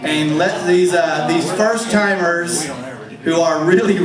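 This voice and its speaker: A man's voice: high-pitched, slow pace, a crowd in the background. A man hosting an open mic comedy night, telling a rambling, self-deprecating story from the stage with many restarts. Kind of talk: stand-up storytelling. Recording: echoey club room, distant mic, faint hum.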